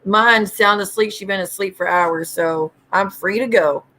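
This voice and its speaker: A woman's voice: medium pitch, measured pace, pushed and bright. Woman livestream host, blunt, profane, ranting, chatty with viewers. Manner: blunt, profane, greets chat viewers by name. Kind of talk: casual livestream rant.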